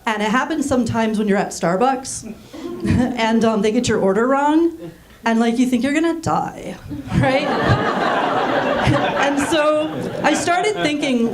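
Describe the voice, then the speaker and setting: A woman in her thirties, raised in Germany, doing a deadpan stand-up set on a small theater stage with frequent ums. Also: a little high, unhurried, a crowd in the background. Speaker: stand-up comedian. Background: audience laughing.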